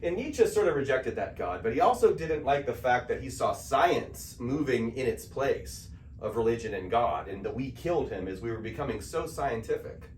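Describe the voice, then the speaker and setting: A man's voice: mid-range voice, animated, normal speed, darkish tone, a little hiss or hum. A man giving a conversational spiritual lecture to an audience, often checking in with "okay?". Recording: echoey room, mic at a distance.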